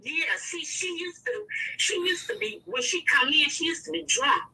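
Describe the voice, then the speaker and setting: A woman caller telling a personal story in a rambling, animated way, full of restarts. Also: extremely high pitch, moderate pace, vocal fry, rough recording. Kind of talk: casual phone-in storytelling.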